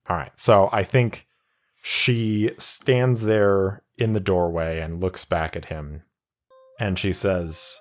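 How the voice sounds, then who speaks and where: Deep voiced guy running a solo tabletop game, slow, laid-back, thinks out loud. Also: faint music behind. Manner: relaxed, thinking aloud, rule reading.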